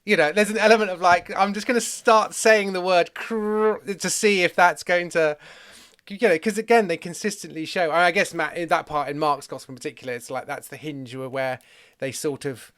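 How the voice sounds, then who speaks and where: A man's voice: fairly high pitch, steady tone, fairly quick, a bit bright. A man hosting a podcast in casual conversation, thinking aloud playfully with restarts. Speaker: podcast host. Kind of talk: casual conversation about comedy and faith.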